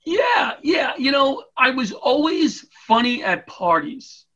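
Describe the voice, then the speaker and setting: A man's voice: extremely high pitch, slow, highs cut off. A middle-aged man, a retired firefighter and comedian, telling comic stories as an interview guest over a video call. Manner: animated, comic, acts out voices in anecdotes. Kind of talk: storytelling interview chat.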